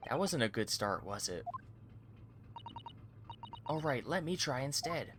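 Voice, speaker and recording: A man tosses out wry, amused asides while playing through a story game. His voice moves lively up and down. A clear hiss runs behind him. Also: mid-range voice, measured pace, long pauses. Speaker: let's play gamer. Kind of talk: casual gameplay commentary.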